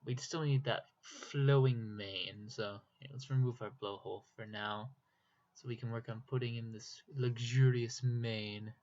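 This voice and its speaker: A man's voice: mid-range voice, fairly even intonation, unhurried, darkish tone. Young minnesotan dude chatting while he draws, rambly, kinda self-deprecating, dull lo-fi mic, mouse clicks behind. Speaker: YouTuber. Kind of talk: casual drawing commentary.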